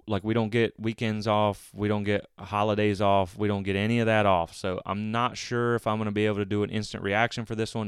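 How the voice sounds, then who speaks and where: A man's voice: lowish voice, smooth, no room sound, studio quality. A man hosting a solo sports podcast, talking casually in a rambling way with frequent restarts. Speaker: podcast host.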